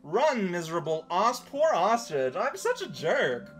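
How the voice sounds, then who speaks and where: Slow-talking, giggly gaming man. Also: high-pitched, huge pitch swings, a bit bright, faint music behind. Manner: giggly, rambling, jokey asides. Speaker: let's play commentator. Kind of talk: casual game commentary.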